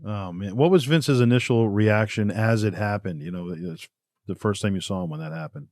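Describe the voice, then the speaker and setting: A man hosting a podcast, asking brief, relaxed questions and giving short acknowledgments. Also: fairly low pitch, moderate pace, no echo, clean studio sound. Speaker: podcast host. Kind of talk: casual podcast interview.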